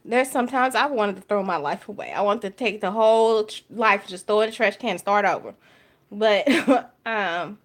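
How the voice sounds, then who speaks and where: This woman, a vlogger with a Southern Alabama accent, talks casually to camera from the makeup table in her home. Her voice is medium in pitch and fairly bright. She's candid and jokey, speaking right to her viewers and calling them y'all.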